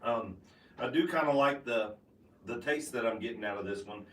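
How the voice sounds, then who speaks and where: A man giving a casual tasting review of bourbon, talking with halting restarts and fillers. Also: medium pitch, fairly bright tone, roomy sound, recorded from a distance, slight background noise. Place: home basement room.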